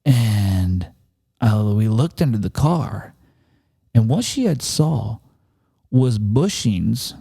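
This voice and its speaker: A man's voice: fairly low pitch, sing-song, slow pace, gravelly, pauses often, dark tone, slightly rough. A man hosting a podcast, telling a personal story and turning it into earnest, emphatic preaching. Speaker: podcast host.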